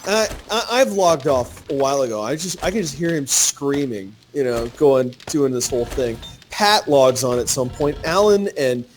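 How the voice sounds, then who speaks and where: A man telling a story to his fellow players in casual gaming chat, animated and swearing freely. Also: mid-range voice, moderate pace, hardly any pauses, a little hiss or hum.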